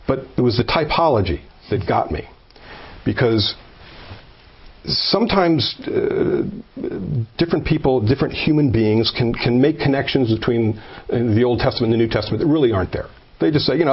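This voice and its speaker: Husky-voiced man sharing his testimony, emphatic, restarts a lot; muffled recording. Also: medium pitch, fairly quick. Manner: earnest and emphatic, builds to animated peaks; stumbling, with many repeated words. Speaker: speaker sharing a personal faith story. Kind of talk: informal testimony talk.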